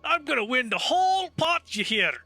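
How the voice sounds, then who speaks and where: A man voicing a gruff, cheating male dwarf gambler who cackles when he thinks he has won. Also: very high-pitched, sing-song, moderate pace, pushed and bright, no room sound, faint music behind, voice pushed up, exaggerated voice. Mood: gloating.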